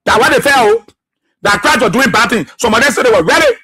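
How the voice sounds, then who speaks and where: A man's voice: very high-pitched, sing-song, fast talker, sharp tone, breathy edge. A man with a Liberian English accent, hosting a radio talk show and delivering impassioned, repetitive political commentary.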